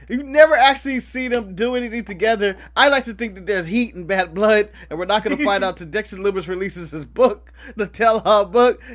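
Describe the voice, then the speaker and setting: An American man co-hosts a casual podcast in a high, bright voice. He jokes around and laughs a lot, keeping the talk animated. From United States. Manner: joking, animated, laughing often. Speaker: podcast co-host. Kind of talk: casual chat.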